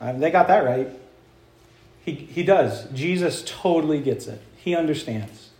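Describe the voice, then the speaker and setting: A pastor preaches in a church sanctuary, engaging his congregation by quizzing them with questions, and the room echoes. His voice sits on the high side, animated, a little slow, and a little mellow.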